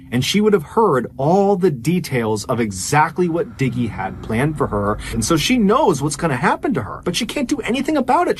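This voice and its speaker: A man's voice: mid-range voice, slight background noise. A man telling a true crime story in a conversational, emphatic way.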